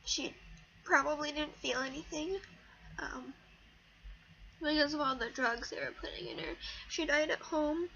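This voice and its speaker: A teenage girl vlogging about something personal, halting and fighting back tears, with many pauses and fillers. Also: high-pitched, vocal fry, sharp tone. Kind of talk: emotional personal talk to camera. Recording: dull lo-fi audio with faint hiss.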